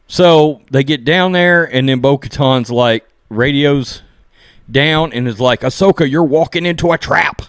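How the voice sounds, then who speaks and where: Animated man recapping and reviewing an episode. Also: mid-range voice, clear, resonant tone, dry recording, clean studio sound. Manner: animated, acts out character lines while recapping; repeats "okay?" and "look". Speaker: show reviewer.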